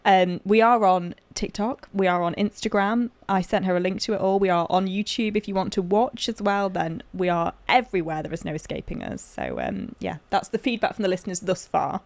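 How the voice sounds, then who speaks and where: A woman's voice: mid-range voice, animated, a little fast, hardly any pauses, a little mellow, no echo. A young woman from Lincolnshire, co-hosting a podcast in casual chat, rambling with fillers and restarts. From Lincolnshire, England. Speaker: podcast co-host.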